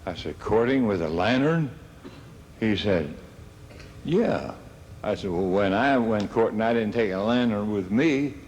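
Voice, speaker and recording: Older male comedian, lowish voice, halting drawl, light hiss behind. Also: expressive, darkish tone. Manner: slow, halting drawl with stumbles and restarts. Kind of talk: stand-up storytelling.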